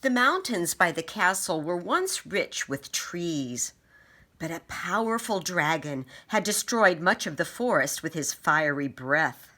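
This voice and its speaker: A woman reading a children's picture book aloud, expressive and acting out sound effects. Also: fairly low pitch, unhurried. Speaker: storybook reader.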